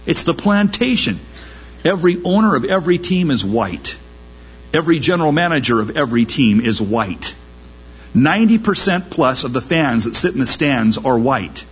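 A man's voice: mid-range voice, husky, lo-fi sound. A man preaching a sermon, impassioned, firing off rhetorical questions and pushing his voice up sharply on exclamations. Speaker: pastor.

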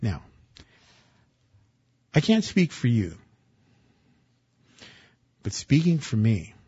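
A man, a pastor, preaching a sermon in an earnest way, going from hushed to loud and emphatic. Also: medium pitch, huge pitch swings, extremely slow, husky, muffled recording. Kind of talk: sermon with scripture reading.

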